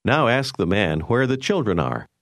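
A man narrating a language course in a clear, measured way, prompting the learner with phrases to say. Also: on the low side, big pitch swings, dry recording, clean studio sound. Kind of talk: scripted instructional narration.

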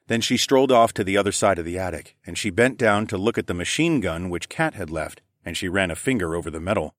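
A man reading a first-person novel in a lowish voice. He moves briskly through the narration and pushes harder in the dialogue. The sound is dry and close, with no room around it. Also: animated, no room sound. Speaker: audiobook narrator.

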